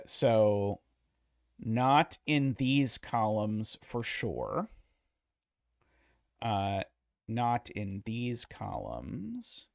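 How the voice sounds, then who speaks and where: A man streaming a puzzle solve, thinking aloud in a hesitant, muttering way with many filler pauses. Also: fairly low pitch, creaky, dry recording, studio quality.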